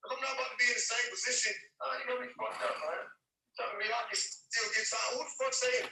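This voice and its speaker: A man's voice: very high voice, quick pace, vocal fry, pushed and bright, roomy sound, distant mic, rough recording. A man hosting a live stream, preaching loosely and emphatically to listeners, using street slang and calling them man and brother.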